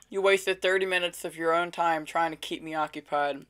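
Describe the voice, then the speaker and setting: A woman's voice: lowish voice, fairly even intonation, brisk, background noise. A woman making prank calls to phone scammers, mocking and taunting them and talking to her viewers between calls. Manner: taunting, mocking, gleefully rude. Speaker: scam-baiting caller and video host.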